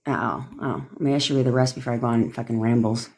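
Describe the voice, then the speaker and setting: A woman's voice: a bass voice, quick pace, creaky, few pauses, darkish tone. A woman manifestation coach giving blunt, rambling advice on a live stream, swearing freely as she reads and answers viewer comments.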